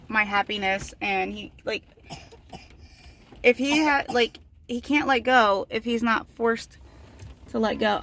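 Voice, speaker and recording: A woman's voice: medium pitch, a bit bright, a little hiss or hum. A woman vlogging as a mother, talking casually and venting in a rambling way with lots of "like.". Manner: rambling, venting, heavy use of "like". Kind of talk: casual confessional vlog talk.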